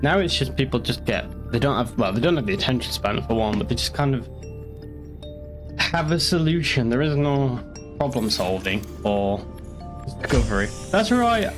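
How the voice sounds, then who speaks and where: A young man with a northeast English accent chats through a live game stream in a rambling, sweary way, answering his chat as he plays. His voice sits at a middling pitch. A little music plays faintly underneath. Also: big pitch swings, moderate pace. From northeast England.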